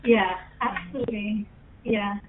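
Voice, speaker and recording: A woman's voice: medium pitch, fairly even intonation, a little slow, noisy background. A woman guest on a radio talk show, giving upbeat advice in casual chat. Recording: tinny phone-line sound.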